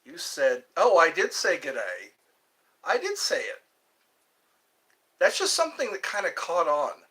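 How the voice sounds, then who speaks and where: A man's voice: on the high side, wildly swooping pitch, a little slow, sharp tone, breathy edge. A man hosting a live stream in a casual chat, joking around playfully and answering viewers' questions aloud.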